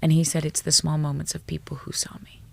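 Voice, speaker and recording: Gravelly woman, blunt animated storyteller. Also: deep voice, quick pace, no room sound. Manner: animated, blunt storyteller who swears freely. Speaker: psychologist guest. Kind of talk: storytelling in a podcast interview.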